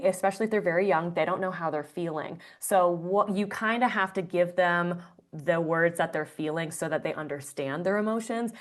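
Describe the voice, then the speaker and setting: A woman guest on an interview podcast, explaining breathwork earnestly with frequent fillers. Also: fairly low pitch. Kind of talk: conversational interview answer.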